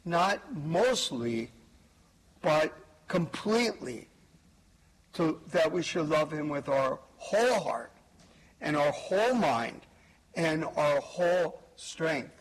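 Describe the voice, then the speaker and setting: Slow, husky priest giving a homily. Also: male voice, fairly high pitch, animated, rough recording. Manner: slow, measured, emphatic preaching with pauses. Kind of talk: homily at Mass. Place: church.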